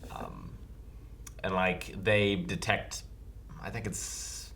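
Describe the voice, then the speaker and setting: A young man co-hosting a reaction show, thinking out loud and speculating casually. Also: low-pitched, big pitch swings, drawn-out words, creaky. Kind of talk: casual discussion. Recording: faint background noise.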